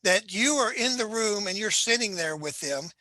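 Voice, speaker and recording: Halting, earnest advice-giver, bright tone. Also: medium pitch, animated, dry recording, low-quality recording. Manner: halting, earnest, full of "you know" asides. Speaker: suicide prevention trainer. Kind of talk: unscripted advice video.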